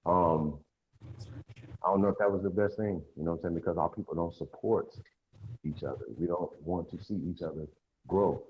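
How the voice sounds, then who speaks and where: A man's voice: deep voice, brisk. A man speaking earnestly on a panel, often checking that listeners follow him. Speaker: panel guest. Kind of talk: casual panel discussion. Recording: dull lo-fi line with faint hiss.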